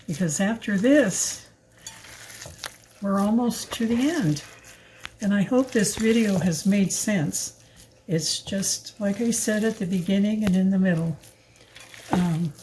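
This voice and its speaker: A woman's voice: medium pitch, lively intonation, takes it slowly, pauses often, mellow, a little hiss or hum, poor audio. An older woman chatting her way through a home cooking demonstration in her kitchen, talking while she kneads the mix by hand, rambling with fillers and asides. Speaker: home cook filming a recipe video.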